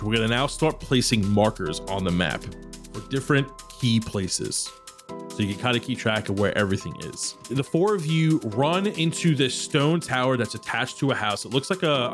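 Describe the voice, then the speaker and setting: A man narrating a tabletop game as dungeon master, describing scenes at length. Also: medium pitch.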